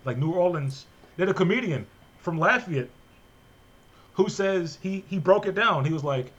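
A man's voice: sits high, dull audio. A man hosting a podcast in casual, joking chat, recorded remotely. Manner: fast, animated, joking. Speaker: podcast host.

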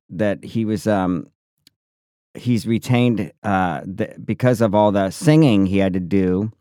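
Low-voiced sarcastic man, dry close sound. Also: dark tone, clean tone, no room sound. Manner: sarcastic, opinionated, teasing. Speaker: podcast co-host. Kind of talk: casual banter.

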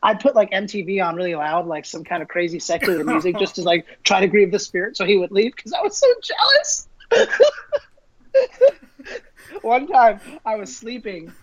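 A man's voice: high-pitched, fairly quick, few pauses, dull audio. A man, a minister, telling stories in a casual interview, acting out the voices he quotes and laughing often.

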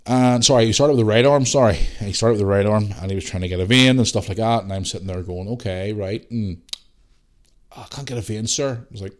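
Speaking fast with few pauses, this man has a voice on the low side and a Northern Irish accent; he's in his thirties and hosts a podcast. He tells stories in a casual, animated monologue, cursing mildly and mimicking voices in his anecdotes.

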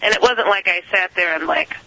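A man's voice: sits high, a little fast, creaky, bright, forceful tone, poor audio. A man telling a story in a rambling, casual way, with many fillers and restarts. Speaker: guest.

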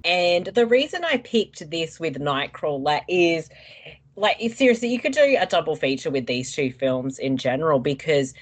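Low-voiced woman podcast co-host. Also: big pitch swings, normal speed, soft background music. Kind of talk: casual chat.

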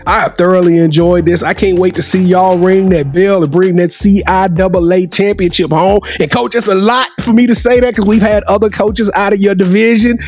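A man hosting a sports talk podcast, closing the show with energetic, emphatic hype. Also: high voice, fairly quick, hardly any pauses, faint music behind. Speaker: podcast host. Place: Dallas.

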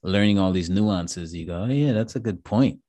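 Low-voiced man hosting a podcast. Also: normal speed, dark tone, no room sound. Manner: talkative, laughs easily, restarts his sentences. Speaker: podcast host. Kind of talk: casual podcast chat.

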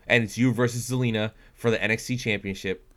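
A man's voice: lowish voice, steady tone, fast talker, fairly bright tone. Teasing, talkative man. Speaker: podcast co-host. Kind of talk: casual wrestling chat.

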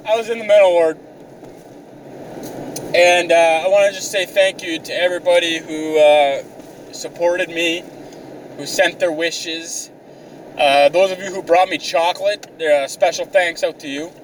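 A man's voice: fairly high pitch, steady tone, unhurried, distant mic, a little hiss or hum, rough recording. A young man vlogging outdoors on the move, telling a rambling, profane, sarcastic comic story. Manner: rambling, swears constantly, sarcastic. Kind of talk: profane comedic rant.

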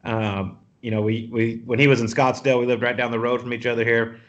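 A man, a professional golfer, telling animated, profane stories as a podcast guest and laughing often. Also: mid-range voice, quick pace, dull audio. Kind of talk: casual storytelling.

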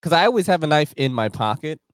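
A man's voice: a little high, big pitch swings, quick pace, no echo. A man hosting a podcast in a laid-back, slangy manner, laughing often. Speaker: podcast host. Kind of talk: casual podcast chat.

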